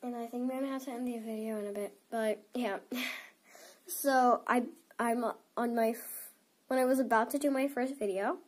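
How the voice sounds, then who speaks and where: A woman's voice: fairly high pitch, steady tone, normal speed, darkish tone. A teenage girl chatting to camera as she unboxes toys, giggling and rambling with a stuffy nose. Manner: giggly and rambling, many "like" fillers. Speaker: toy unboxing vlogger. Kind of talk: casual chat to camera.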